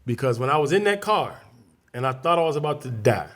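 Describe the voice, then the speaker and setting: A man's voice: mid-range voice, big pitch swings, a little fast, a bit bright. A man from Chicago, a guest comedian, telling a story in a casual interview, acting out scenes and voices vividly.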